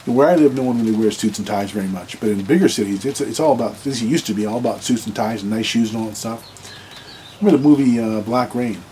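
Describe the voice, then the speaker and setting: A man's voice: fairly low pitch, fast talker, dark tone, a little hiss or hum, rough recording. A man giving blunt dating advice in a casual monologue to camera, rambling, restarting sentences and repeating words.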